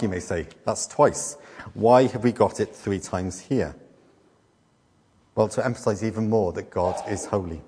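A middle-aged man preaches in a fairly low voice, and a long reverb trails his words around a church hall. He teaches patiently and leans on rhetorical questions and repetition. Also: a little mellow. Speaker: pastor. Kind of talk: sermon.

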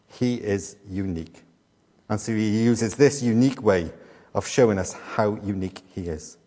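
A middle-aged man preaching a sermon as a pastor. He teaches with rhetorical questions and deliberate repetition. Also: lowish voice, mellow. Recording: long hall reverb.

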